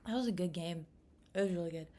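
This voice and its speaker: A young woman from the United States chatting casually to camera in a rambling, animated way. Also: fairly low pitch, fast. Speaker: vlogger.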